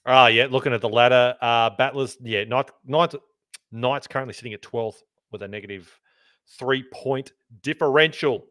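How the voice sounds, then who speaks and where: A man's voice: medium pitch, fairly even intonation, normal speed, sharp tone, clean tone, no echo, clean studio sound. A man co-hosting a sports podcast, talking in a laid-back, mumbly way and swearing casually. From Australia. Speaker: podcast co-host.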